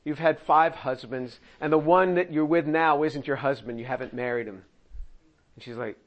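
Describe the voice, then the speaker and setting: A man preaching through a Bible passage, animated, laughing often and acting out the quoted lines in voices. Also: on the high side, moderate pace, slight background noise. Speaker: pastor. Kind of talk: expository sermon reading and commenting on scripture.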